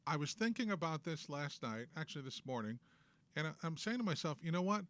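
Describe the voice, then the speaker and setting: A man's voice: fairly high pitch, sing-song, a little fast, fairly bright tone. A man with a New York accent hosting a political talk show, ranting in a sarcastic, emphatic way. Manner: opinionated, sarcastic, emphatic rants. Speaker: host.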